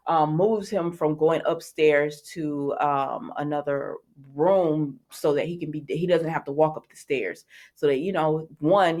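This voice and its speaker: A woman vlogger casually recapping soap opera episodes, chatty and animated, with laughs and acted-out quotes. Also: sits low.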